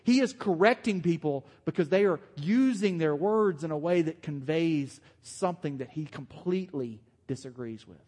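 A man with a slightly high, slightly mellow voice preaches a sermon as pastor, speaking loosely and conversationally while joking with his congregation. It's recorded in a church hall with long reverb.

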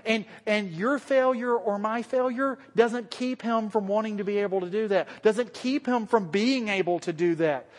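Man preaching in a reverberant hall. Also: high-pitched. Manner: conversational, self-deprecating, questions the congregation. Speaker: pastor. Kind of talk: sermon. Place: church hall with a congregation.

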